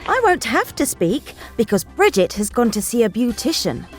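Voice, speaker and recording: Gossipy young woman, high bright pitch, lively intonation, slow clear delivery. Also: faint music behind. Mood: chatty. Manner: chatty, gossipy. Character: chatty young woman on a sponsored silence. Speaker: sitcom character. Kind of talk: scripted sitcom acting.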